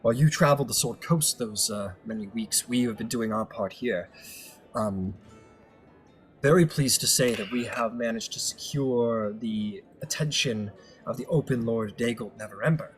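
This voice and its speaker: A man voicing a solemn council master who delivers formal news in a measured way. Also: mid-range voice, faint music behind, pitched below the performer's own voice, natural voice.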